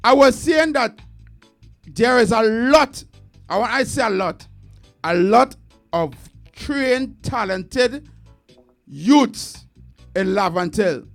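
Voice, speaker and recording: Measured Trinidadian man, slow and high. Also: expressive, faint music behind. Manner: earnest, measured, lists points deliberately. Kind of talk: casual discussion.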